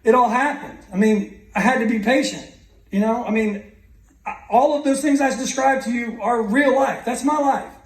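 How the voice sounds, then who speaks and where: Heard from a distance in a large, echoey school hall, this man in his thirties speaks at a moderate pace in an extremely high voice. As guest speaker, he earnestly motivates a graduating class with his personal story, frequently restarting his sentences.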